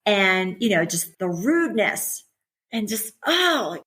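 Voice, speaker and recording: A woman's voice: medium pitch, very animated, moderate pace, fairly bright tone. Chatty, candid middle-aged woman. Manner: chatty and candid, laughs often while talking. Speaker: podcast guest. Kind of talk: casual conversational interview.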